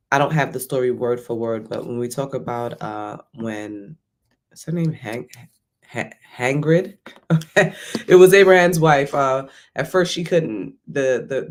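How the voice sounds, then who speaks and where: A man talks casually to his viewers in a motivational vlog, rambling and checking in with "right?". His pitch is mid-range and his delivery is loose and conversational. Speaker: vlogger.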